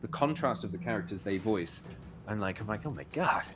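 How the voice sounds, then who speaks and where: A man's voice: lowish voice, animated, fairly quick. A man with a British accent, chatting and joking as a guest while playing a co-op game. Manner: chatty, joking, rambling asides. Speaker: co-op guest streamer. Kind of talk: casual gaming chat. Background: game music.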